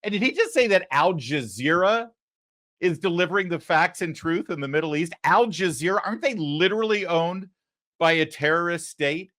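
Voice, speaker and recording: Sarcastic guy hosting a commentary show, fairly high voice, lots of mocking. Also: moderate pace, a bit bright. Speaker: host.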